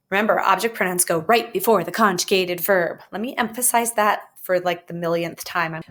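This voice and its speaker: Lively woman teaching a lesson. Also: fairly low pitch, normal speed. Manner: lively, jokey explaining with playful asides. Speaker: Spanish teacher. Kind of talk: recorded video lesson.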